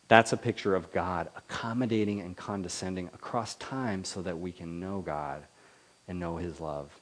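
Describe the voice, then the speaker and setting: A male pastor delivers a sermon with animated energy. His voice rises to loud, emphatic declarations and then drops to soft, quiet asides. His pitch sits in an ordinary middle range for a man. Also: moderate pace. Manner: lively preaching, swinging between loud and soft.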